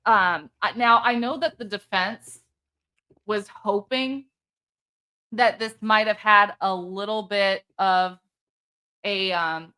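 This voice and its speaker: A woman hosting a live true-crime stream, animated and chatty. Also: mid-range voice, takes it slowly, pauses often, clear, resonant tone. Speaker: host.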